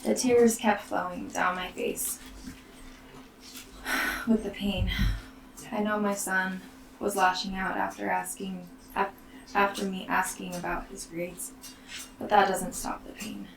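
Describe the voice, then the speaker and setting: A woman, a mother, tells her own story in a slow, soft and halting way, often near a whisper. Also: mid-range voice, level tone, gravelly. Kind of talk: personal storytelling. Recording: roomy, distant mic, faint background noise.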